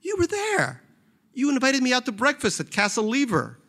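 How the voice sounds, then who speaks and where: A man reading a novel aloud, voicing a calm, reproachful younger friend who speaks in a quiet, measured and blunt way. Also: very high-pitched, slightly rough, voice pushed up, heavily acted.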